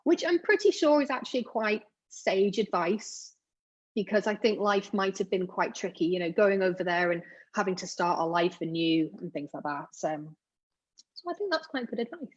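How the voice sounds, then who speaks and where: A woman talks casually in a chatty, self-deprecating way, full of asides and fillers. Her voice is a little husky, at a middling pitch. The recording sounds slightly dull and lo-fi. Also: expressive, moderate pace. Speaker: genealogy blogger. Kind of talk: casual explainer monologue.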